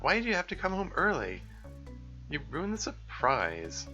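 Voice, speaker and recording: A man's voice: on the high side, huge pitch swings, normal speed, pushed and bright, muffled recording, faint music behind, pitched above the performer's own voice, heavily acted. A man voicing a shy, clumsy young female zombie who stammers and hesitates. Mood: flustered.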